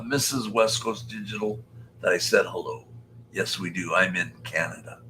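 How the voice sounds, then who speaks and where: A man's voice: sits low, moderate pace, bright, forceful tone, slight background noise, low-quality recording. An older man hosting a casual live stream, chatting and joking as he greets viewers by name. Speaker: live-stream host reading chat.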